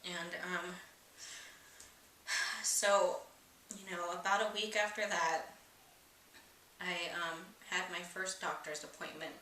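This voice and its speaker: A woman's voice: on the low side, flat delivery, slow pace, long pauses, bright, forceful tone. A young woman candidly telling a personal, emotional story in a vlog, rambling with many fillers. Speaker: vlogger. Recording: echoey room, distant mic, faint hiss.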